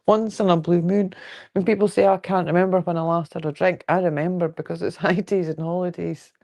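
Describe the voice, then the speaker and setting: A woman with a Fife Scottish accent hosts a relaxed quilting livestream from home, chatting with viewers in a frank, jokey way. Her voice has a gravelly, creaky edge, and she rambles comfortably from one thought to the next. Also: fairly low pitch, a little fast. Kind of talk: casual livestream chat, answering viewer comments. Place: at home indoors.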